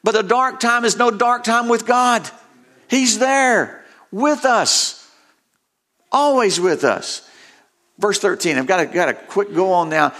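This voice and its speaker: An older man preaches with a high, bright voice that rings out over the words. He reads scripture with growing intensity and hammers points home by repeating phrases. His delivery is earnest and emphatic from line to line. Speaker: pastor. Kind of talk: sermon.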